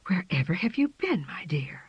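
A woman voicing a gentle, fond old mother tabby cat who speaks softly and hushed, on a dry, slightly dull storybook recording. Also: sits low, big pitch swings, slow, dry recording, exaggerated voice. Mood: tender. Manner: soft and hushed.

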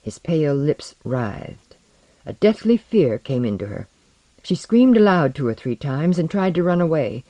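An audiobook narrator reading fiction in a measured, deliberate storytelling manner. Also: medium pitch, mellow, no room sound, low-quality recording.

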